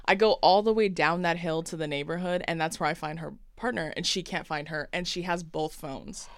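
A young woman in casual chat, telling an animated story full of acted-out quotes and lots of "like". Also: deep voice, brisk, clear, resonant tone, no room sound, studio quality.

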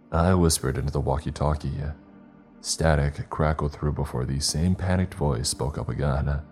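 A man reading a horror story as narrator in a measured, steady storytelling voice. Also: very deep voice, faint music behind.

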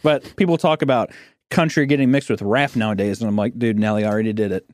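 A man's voice: lowish voice, steady tone, quick pace, darkish tone, dry recording. A young man hosting a podcast, rambling through profane, jokey stories in casual chat. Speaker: podcast host.

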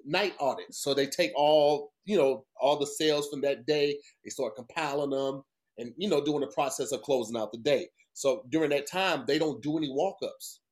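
A man's voice: fairly high pitch, moderate pace. A man co-hosting a podcast, telling a long story casually, swearing often and acting out what people said. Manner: profane, animated storytelling with voiced quotes. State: tired. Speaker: podcast co-host.

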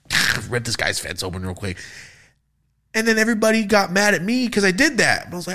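A young man hosting a podcast, telling party stories in casual, profane, animated style. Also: high-pitched, quick pace. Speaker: podcast host. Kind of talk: casual storytelling.

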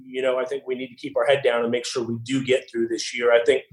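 Halting man answering questions. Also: medium pitch, flat delivery, low-quality recording. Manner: hesitant, many fillers and restarts. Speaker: racing team boss, guest. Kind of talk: remote interview answers.

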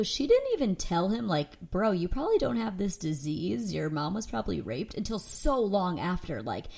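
A woman co-hosting a casual book club podcast, animated and opinionated. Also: on the low side. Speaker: podcast co-host.

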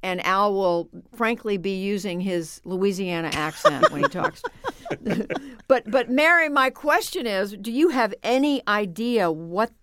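A woman co-hosting a casual podcast chat, speaking in a measured, gentle way with small hesitations. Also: mid-range voice, lively intonation, smooth, no room sound. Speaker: co-host, journalist.

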